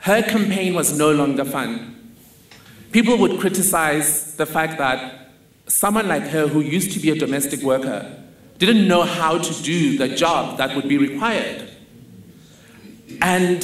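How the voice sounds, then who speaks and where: A man tells a personal story on stage in a measured, wry way. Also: fairly high pitch, slight background noise. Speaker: speaker. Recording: roomy hall with faint ambience.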